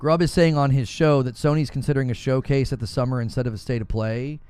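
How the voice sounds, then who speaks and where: A man's voice: mid-range voice, steady tone, fast talker, darkish tone, clean tone, no echo, soft background music. A man hosting a gaming news livestream, arguing his points with emphatic, preacher-like passion and reading viewer comments aloud. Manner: fiery, preacher-like emphatic delivery.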